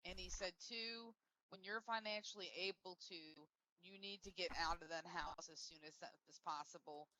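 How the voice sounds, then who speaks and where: A woman's voice: lowish voice, normal speed, pushed and bright, poor audio. A woman in a casual voice chat who talks over the others insistently. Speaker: voice chat participant. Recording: faint background noise.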